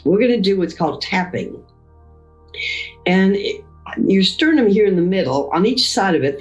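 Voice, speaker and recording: A woman leading a guided Christian mindfulness session, talking slowly and gently through breathing exercises. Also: lowish voice, low-quality recording. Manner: slow, gentle spoken guidance of breathing. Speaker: mindfulness leader.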